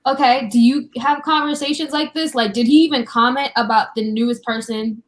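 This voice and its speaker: A woman's voice: a little high, fairly even intonation, fairly quick. A woman talking frankly in a casual group discussion over a video call, swearing freely. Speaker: panelist.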